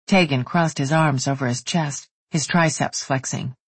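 A woman reading a romance novel aloud as the narrator, in an even, steady way. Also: sits low, a little slow, husky, no room sound. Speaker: audiobook narrator. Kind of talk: scripted narration.

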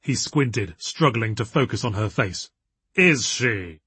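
A man narrating an audiobook story in measured storytelling tones with a husky voice. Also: on the low side, a bit bright, no room sound.

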